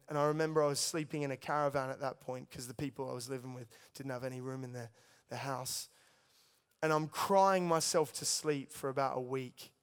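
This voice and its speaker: A man's voice: on the high side, clean tone. Earnest man preaching in a reverberant hall. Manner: storytelling, earnest, addresses listeners as guys. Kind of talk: sermon testimony.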